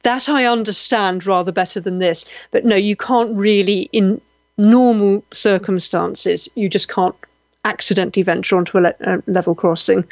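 This Maltese radio host speaks in a mid-range voice at a moderate pace, bubbling over with exclamations as she responds to listeners and jokes through her stories at her own expense. The live-show recording is dry, with the high frequencies cut off.

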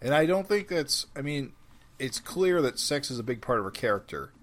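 A man co-hosting a comic book podcast, explaining his views in a measured, casual way. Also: medium pitch, big pitch swings, fairly bright tone. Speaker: podcast co-host.

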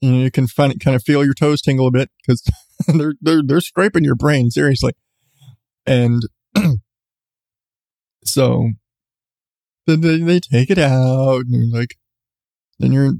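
A man's voice: medium pitch, a little mellow, no echo, clean studio sound. A man, host of a podcast, telling a story in a rambling, self-mocking way with frequent restarts. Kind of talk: casual storytelling.

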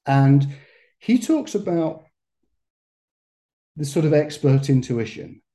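In a podcast interview, a massage therapist and educator talks slowly in a fairly high, mellow voice that is very animated. He reflects as he speaks, frequently starting his phrases over with light laughter.

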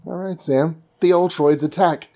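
A man's voice: on the high side, steady tone, normal speed, mellow. A man recapping a comic book in a casual, playful, rambling way with many fillers.

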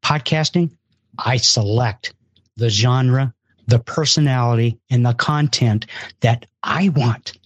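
A man's voice: medium pitch, slow, dry recording. A man hosting a live podcast event, talking emphatically and repeating words as he urges listeners. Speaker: event organizer and host. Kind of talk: enthusiastic live show talk.

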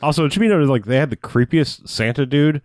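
A man's voice: on the high side, expressive, fast talker, a little mellow, no room sound, studio quality. A man casually recapping a movie plot as a podcast co-host, rambling with lots of "like"s and a sardonic edge. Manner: rambling, many "like"s and restarts, sardonic.

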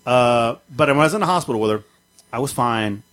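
Fast-talking man telling a story. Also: mid-range voice. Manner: animated, acts out the people in his story with a raised voice. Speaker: podcast guest telling a story. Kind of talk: casual storytelling.

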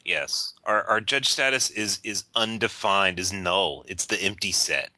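A man's voice: deep voice, a little slow, sharp tone, no room sound. A man co-hosting a podcast in casual chat, joking and opinionated, laughing often. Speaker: podcast co-host.

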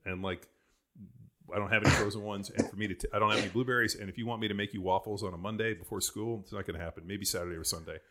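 A man's voice: fairly low pitch, fairly even intonation, rapid-fire, bright, forceful tone. A man in his forties hosting a podcast, telling rambling stories in casual chat, full of "like" and casual swearing. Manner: rambling storyteller, heavy use of "like", swears casually. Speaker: podcast host.

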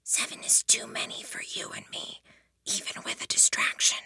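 A woman's voice: moderate pace, sharp tone. A woman doing a young woman's breathless whisper. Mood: urgent hush. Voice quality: unvoiced far-off whisper. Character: whispering young woman, hushed, tense, guarded. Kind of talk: whispered role-play.

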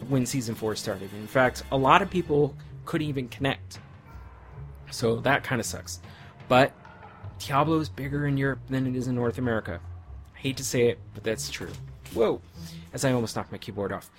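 A middle-aged man hosting a casual podcast, reading listener tweets aloud in a chatty, stumbling way with easy laughs. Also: medium pitch. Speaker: podcast host.

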